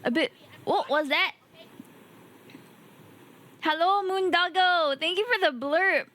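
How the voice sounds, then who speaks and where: A woman's voice: very high-pitched, takes it slowly, bright, forceful tone. A young woman with a Singaporean English accent, chatting casually on her live stream as a VTuber, exclaiming often and laughing easily, a bit tired today.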